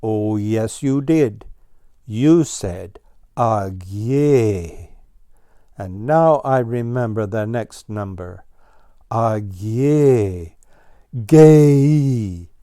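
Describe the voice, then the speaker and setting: A man's voice: lowish voice, animated, very slow, mellow, dry recording, clean studio sound. A man voicing a fussy, easily exasperated ground squirrel in a storybook, correcting and emphatic. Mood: flustered.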